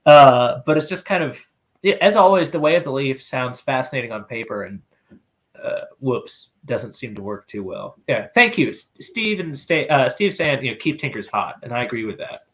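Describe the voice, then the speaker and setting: A man's voice: mid-range voice, lively intonation, moderate pace, a bit bright. A man co-hosting a casual podcast chat, joking and laughing often. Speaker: podcast co-host.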